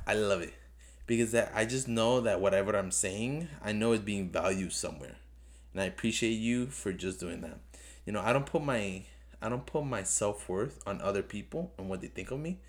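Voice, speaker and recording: A man hosting his own podcast, talking off the cuff in a rambling, earnest way that repeats itself, speaking English as a second language. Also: fairly low pitch. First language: not English. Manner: earnest, pleading, repeats himself. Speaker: podcast host. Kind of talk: casual solo podcast review.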